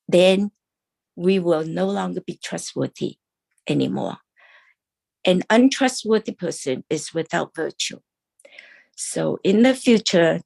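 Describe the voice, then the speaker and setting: A woman teaching an online class in an earnest, gently instructive way. Her voice sits a little low and has a gravelly creak. She often pauses and restarts her sentences. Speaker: Dao study class teacher. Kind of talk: online religious class talk.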